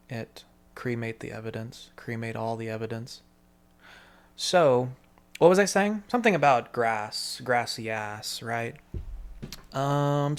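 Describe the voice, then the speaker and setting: A man in a rambling solo monologue, swearing freely and talking to himself. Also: medium pitch. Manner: profane, meandering, talks to himself.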